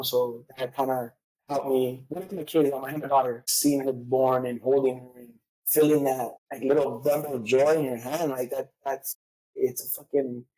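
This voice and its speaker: Fast-talking husky man. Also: mid-range voice, a little mellow, low-quality recording. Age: adult father. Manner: rapid, profane, street slang, frequent fillers. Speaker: podcast guest. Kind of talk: candid personal storytelling.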